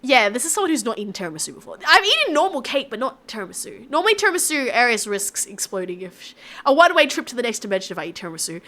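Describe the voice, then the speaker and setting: A woman's voice: high-pitched, pushed and bright. A woman with an Australian accent chatting casually with her live-stream viewers, rambling and reacting to chat.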